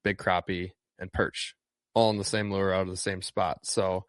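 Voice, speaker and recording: Low-voiced man from Wisconsin, rambling. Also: normal speed, no echo. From Northeast Wisconsin. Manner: relaxed, rambling, lots of ums and restarts. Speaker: fishing guide. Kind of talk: casual interview chat.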